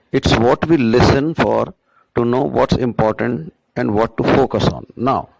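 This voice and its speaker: Slow gravelly male teacher. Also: medium pitch, darkish tone, rough recording. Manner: slow and deliberate, checks in with "right?". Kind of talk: classroom lecture on pronunciation.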